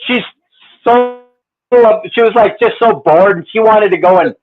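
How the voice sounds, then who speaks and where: A man's voice: high voice, measured pace, soft background music. A man with a Canadian accent chatting casually, laughing often and swearing as he rambles. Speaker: podcast co-host. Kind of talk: casual chat. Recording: tinny phone-like line.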